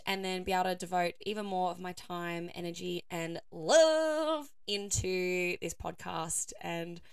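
Young aussie woman, croaky hoarse voice, chatty podcast ramble, laughs a lot, says like constantly. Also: medium pitch, fairly bright tone, dry recording, studio quality. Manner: chatty, laughs often, many "like" fillers. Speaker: podcast host. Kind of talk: casual solo podcast chat.

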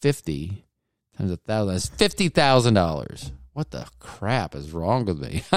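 Rambling, lively-voiced male podcast host. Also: low-pitched, dry recording, clean studio sound. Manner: rambling, self-mocking, jokey asides. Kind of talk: casual rambling monologue.

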